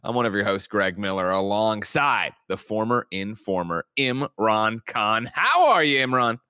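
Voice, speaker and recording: Energetic man hosting a gaming show. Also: fairly low pitch, clean tone, dry recording, studio quality. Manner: energetic, joking, rapid-fire host delivery. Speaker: host. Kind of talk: casual video game news show.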